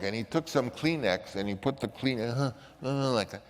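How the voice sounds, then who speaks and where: A man's voice: mid-range voice, lively intonation, quick pace, hardly any pauses, long reverb tail, background noise. An older man, a film director, telling rambling anecdotes with frequent restarts. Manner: rambling, with many restarts and acted quotes. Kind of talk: casual anecdote.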